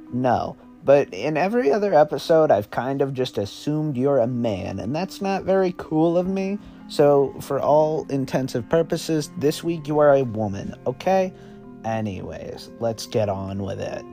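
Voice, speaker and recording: Slow, rambling young male storyteller. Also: mid-range voice, dark tone. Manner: rambling, self-correcting, casual. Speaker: podcast storyteller. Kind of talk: improvised second-person story narration.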